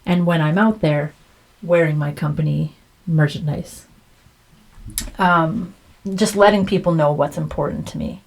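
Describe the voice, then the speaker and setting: A woman co-hosting a podcast in casual chat, reacting with quick asides and jokes. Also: low-pitched, gravelly, darkish tone, low-quality recording. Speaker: podcast co-host.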